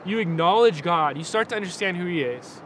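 A man's voice: sits high, lively intonation, a little fast, fairly bright tone, a little hiss or hum, rough recording. A man talking earnestly about worship and reading scripture aloud, often checking in with "right?". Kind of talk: casual chat and scripture reading.

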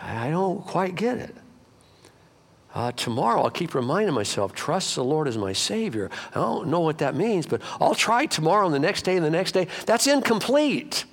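A middle-aged man preaching a sermon as pastor, swinging between loud emphatic lines and low quiet asides. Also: moderate pace, husky. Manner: animated preaching with wide swings of pitch and loudness.

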